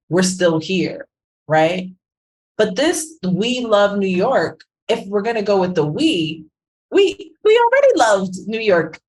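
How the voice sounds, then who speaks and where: A woman co-hosting a podcast, giving animated, conversational commentary and often checking in with "right?". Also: medium pitch, low-quality recording. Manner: animated, keeps asking "right?". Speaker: podcast co-host, branding professional.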